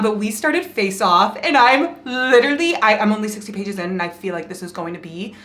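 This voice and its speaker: A woman's voice: mid-range voice, a bit bright, slight background noise. A young woman chatting casually in a reading vlog at home, gushing about books, laughing often and swearing freely. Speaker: book vlogger. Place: home, bathroom while doing makeup.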